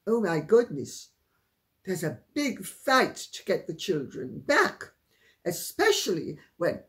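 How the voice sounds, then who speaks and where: A woman giving casual royal commentary in a sardonic, mocking manner. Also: fairly low pitch.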